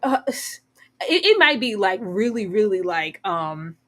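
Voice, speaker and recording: A woman co-hosting a casual TV recap chat, animated and sassy, often acting out characters' lines. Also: medium pitch, a little slow. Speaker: podcast co-host.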